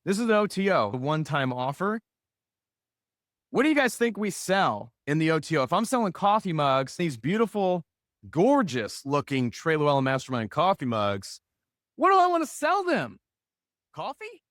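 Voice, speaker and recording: Guy teaching a funnel class, loud then quiet, joking around, slightly high voice. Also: moderate pace, no echo, studio quality. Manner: energetic, joking, swings loud and soft. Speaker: marketing instructor. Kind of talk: live workshop teaching. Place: room with a live audience.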